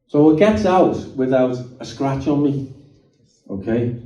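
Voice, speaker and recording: A middle-aged man tells his testimony in a very dark, mellow voice. He talks to the room in a chatty way and keeps checking that his listeners are with him. His voice comes from a distance across an echoing hall, and the sound is dull. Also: mid-range voice, moderate pace. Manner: chatty, checks in with the audience, frequent restarts. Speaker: guest speaker giving a testimony. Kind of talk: personal testimony storytelling. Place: meeting hall.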